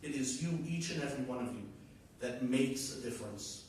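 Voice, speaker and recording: A man, a rabbi, giving a keynote speech at a gala, telling stories with animated, rising emphasis. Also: medium pitch, brisk, slight background noise. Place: large banquet hall. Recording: echoey hall from far off.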